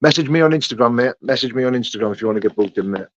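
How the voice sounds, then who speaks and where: Racing through his words in a mid-range voice, a young man hosts a casual live chat, calling out viewer names, greeting them and answering their questions like an old mate. There's no echo, though the recording sounds dull and muffled.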